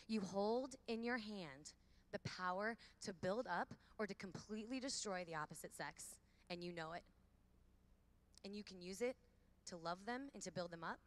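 A woman in her thirties giving a lively faith talk to a large hall of women, with call-and-response. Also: medium pitch. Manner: lively, preachy, calls for audience repeats. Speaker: conference speaker.

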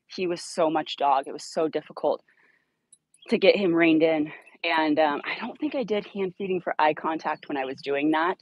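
Here a dog trainer with a low voice speaks at a moderate pace, the audio dry with no echo but missing its high frequencies. She works with a puppy in a yard, explaining outdoor leash training directly and bluntly, with upbeat praise for the dogs.

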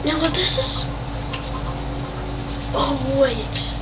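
A woman giving let's-play commentary, excitable and playful, often yelling and laughing. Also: high-pitched, very slow, background noise. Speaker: gamer. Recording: distant mic with game music behind.

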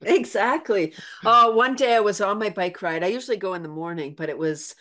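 A woman's voice: medium pitch, brisk, bright, forceful tone. An older woman, a laughter yoga teacher, chatting as a guest with lots of laughs and acted-out quotes. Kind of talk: casual interview chat.

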